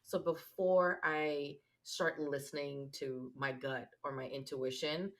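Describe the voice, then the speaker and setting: Woman podcast co-host, low voice, reflective casual talk with lots of "like". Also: steady tone, slow pace. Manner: reflective, uses many fillers like "like". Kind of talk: casual conversation.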